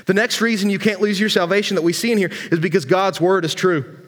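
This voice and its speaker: Male pastor, high pitch, folksy humorous sermon delivery, reverberant church sanctuary. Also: fairly even intonation, quick pace.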